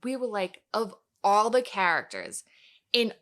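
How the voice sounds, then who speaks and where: A woman guest on a podcast telling a story in an excited, animated way. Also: mid-range voice, unhurried. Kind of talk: casual storytelling.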